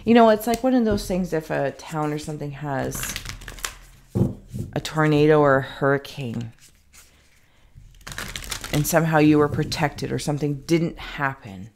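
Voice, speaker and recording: Slight background noise sits under this psychic reader's low, darkish voice. Unhurried and given to long pauses, she wanders through a casual intuitive reading, thinking aloud with lots of fillers and the occasional self-deprecating aside.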